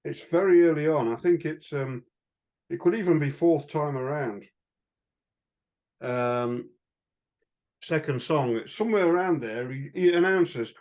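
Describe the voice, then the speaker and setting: A man's voice: on the high side, moderate pace, a little mellow. Chatty man telling stories. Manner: chatty anecdotal storytelling with frequent fillers and chuckles. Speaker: podcast co-host. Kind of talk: casual chat.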